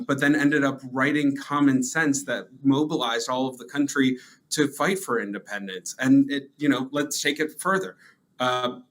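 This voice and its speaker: Earnest guy being interviewed, steady speechy delivery. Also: medium pitch, rough recording. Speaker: advocacy group guest. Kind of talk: conversational interview.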